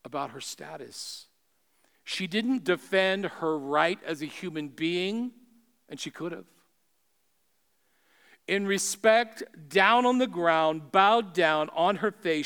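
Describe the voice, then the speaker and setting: A male preacher delivering a sermon, rising to emphatic peaks and dropping to hushed, quiet lines. His voice is high-pitched for a man and smooth, with a clear resonant ring. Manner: emphatic, swinging between raised and hushed delivery.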